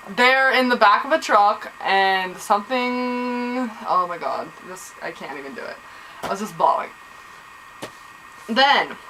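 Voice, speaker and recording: A young woman talks straight to the camera about her favourite books, gushing and excitable. Her voice is bright and fairly high. A faint hiss of room noise sits behind her. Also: poor audio. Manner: gushing, excitable, full of exclamations. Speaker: book vlogger. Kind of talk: casual chat to camera.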